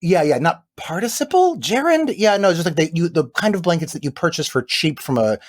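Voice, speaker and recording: A man's voice: on the high side, big pitch swings, fairly quick. A man who founded a science teaching company, talking as a guest in rambling, hesitant casual chat. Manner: rambling, hesitant, many fillers and restarts.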